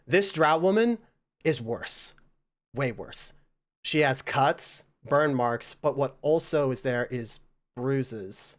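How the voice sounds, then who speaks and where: A man narrating as game master of a tabletop role-playing game, relaxed and halting with fillers. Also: mid-range voice.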